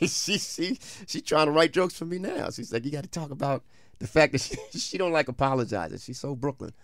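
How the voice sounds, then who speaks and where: A man is talking in a casual interview, telling stories and doing the voices of the people in them. His pitch jumps around a lot as he tells them. The sound is dry and close, with no room echo. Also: fairly quick, vocal fry. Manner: animated storyteller, acts out voices in anecdotes. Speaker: comedian guest.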